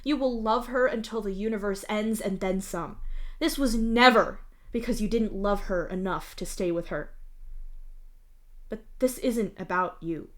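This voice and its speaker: A woman streamer reading fan fiction aloud live, in steady narration with the odd small restart. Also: mid-range voice, unhurried.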